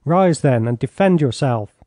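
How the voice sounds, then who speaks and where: A man's voice: medium pitch, lively intonation, unhurried, dark tone, no room sound, clean studio sound, close to an everyday voice. A man reading an audiobook, voicing a proud young officer who speaks coldly and in clipped phrases. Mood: stern. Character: stern young male officer, proud and vengeful.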